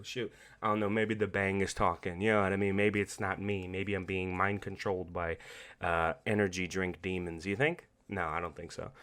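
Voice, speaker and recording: Man, podcast host, casual recap, bright forceful voice, profane, animated, laughs a lot. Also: fairly low pitch, brisk. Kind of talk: casual late-night game recap.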